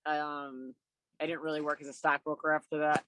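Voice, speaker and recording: A middle-aged man telling his own story over a video call, animated and full of fillers, acting out what people said. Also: a little high, normal speed, a little hiss or hum, low-quality recording. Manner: animated, acts out quotes, many fillers. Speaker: guest speaker. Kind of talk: personal storytelling to a remote audience. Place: outdoors by the water.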